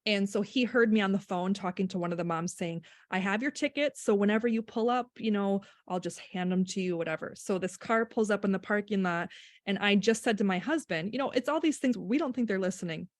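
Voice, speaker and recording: A woman's voice: mid-range voice, fairly quick, no echo. A middle-aged woman, a speech-language pathologist, chatting as a podcast guest and acting out quotes as she tells stories. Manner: animated storyteller, acts out quotes with laughter. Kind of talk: casual podcast chat.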